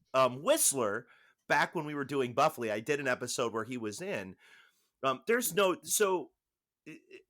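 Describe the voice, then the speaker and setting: A man co-hosting a podcast, chatting casually, rambling and restarting his sentences as he explains. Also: medium pitch. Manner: rambling, self-interrupting, animated. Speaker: podcast co-host. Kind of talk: casual chat.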